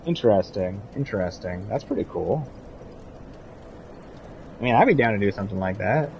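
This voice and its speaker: A man's voice: lowish voice, lively intonation, normal speed, gravelly, darkish tone, slight background noise. A young man streaming a video game, chatting casually with his viewers and cheering on his in-game companion. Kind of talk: casual gameplay commentary.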